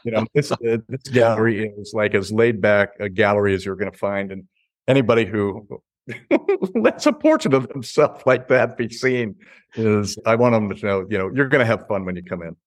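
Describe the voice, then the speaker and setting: A relaxed, low-pitched man talks about his art gallery in an easygoing, storytelling way, laughing now and then as he goes. He is on a video call, and his voice sounds dry and close, with no room around it. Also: normal speed, no room sound. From Chicago. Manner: laid-back, chuckling storyteller. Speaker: artist and gallery owner. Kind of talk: casual interview chat.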